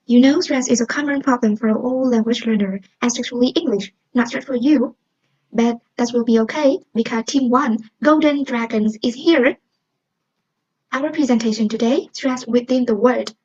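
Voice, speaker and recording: A young woman presents a class project in a Vietnamese accent. She explains carefully and stops to quiz the listener. Her voice is slightly high and husky, and the recording sounds dull and lo-fi. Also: moderate pace, a little mellow. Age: young adult. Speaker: student presenter.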